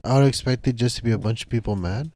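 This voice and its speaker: A man's voice: medium pitch, fast talker, darkish tone, slight background noise. A man co-hosting a podcast, giving short, laid-back replies in casual chat.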